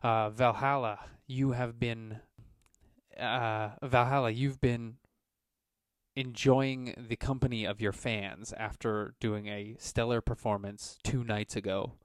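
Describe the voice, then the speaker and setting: A man's voice: mid-range voice, slow pace, clear, resonant tone, dry recording. A man narrating a tabletop game as game master, rambling along with lots of ums and uhs. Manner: relaxed, rambling narration with many fillers.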